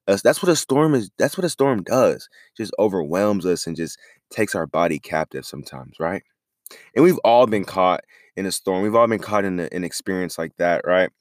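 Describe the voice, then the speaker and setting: A man hosting a podcast, talking through a Bible story in a relaxed, conversational way with frequent restarts. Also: on the low side, no echo, clean studio sound. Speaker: podcast host. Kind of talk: casual faith podcast talk.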